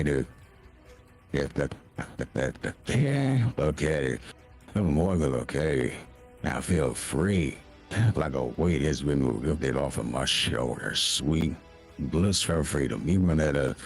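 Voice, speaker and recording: A man voicing a grandiose, menacing male villain in a tabletop role-play game, with a gravelly, husky voice. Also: extremely low pitch, soft background music, full character voice. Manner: slow grandiose villain monologue.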